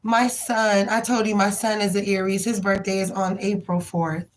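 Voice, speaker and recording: A woman's voice: medium pitch, little pitch movement, normal speed, rough recording. A woman hosting a live tarot reading stream, chatting casually and affectionately with viewers in slang. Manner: rhythmic chanted prayer.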